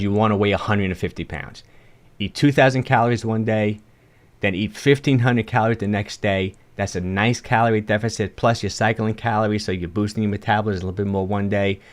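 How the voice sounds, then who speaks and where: Low-voiced New York fitness coach. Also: male voice. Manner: casual and encouraging, frequent restarts. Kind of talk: livestream talk answering viewer chat.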